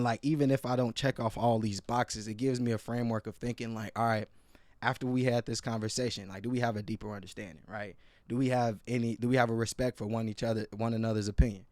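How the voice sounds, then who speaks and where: Male podcast host, earnest and emphatic, lots of slang, mid pitch, dry close recording. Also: a little mellow, no echo. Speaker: podcast host and restorative practitioner. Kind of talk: casual podcast chat.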